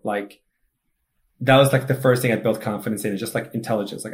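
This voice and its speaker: A man's voice: on the low side, steady tone, quick pace. A man from Egypt with no foreign accent, a podcast guest talking casually and self-assuredly, full of "like". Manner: chatty, peppered with "like", upbeat and self-assured. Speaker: podcast guest, student mentor. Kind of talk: casual conversation.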